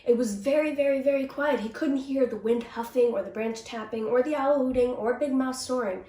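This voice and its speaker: A woman's voice: high voice, a little fast, recorded from a distance. Woman reading a storybook, echoey room. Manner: gentle, expressive. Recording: echoey, from off the mic.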